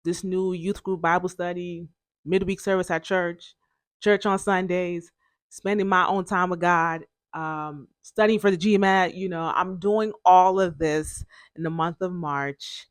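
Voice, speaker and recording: A woman's voice: on the low side, steady tone, unhurried, no room sound, studio quality. A young woman hosting a podcast, telling her own story in a chatty way, full of fillers and self-corrections. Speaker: podcast host.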